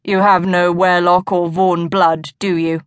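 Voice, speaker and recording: A brusque, mysterious nobleman from a romance audiobook, voiced by a woman narrator, speaking in a lowered, commanding voice. His lines are dry and close, with a somewhat different timbre from the narration. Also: little pitch movement, unhurried, smooth, dry recording, close to an everyday voice. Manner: deep commanding tone.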